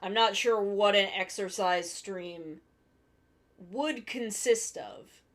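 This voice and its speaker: A woman's voice: medium pitch, slow pace. A tired woman chatting casually to her live-stream audience as she draws, rambling and yawning. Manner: drowsy, rambling, talks to chat. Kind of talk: casual live-stream chat while drawing.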